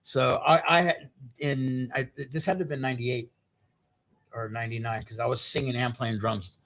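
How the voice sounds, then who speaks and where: A man's voice: mid-range voice, steady tone, moderate pace, fairly bright tone. A middle-aged man telling stories as a podcast guest in casual chat. He rambles and swears constantly as he talks. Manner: profane, rambling, heavy swearing. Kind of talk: casual storytelling.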